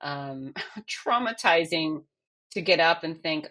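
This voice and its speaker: Bright-voiced woman, candid interview guest. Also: lowish voice. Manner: candid, emotional, quick bursts. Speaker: fitness expert and race announcer, guest. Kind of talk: conversational interview.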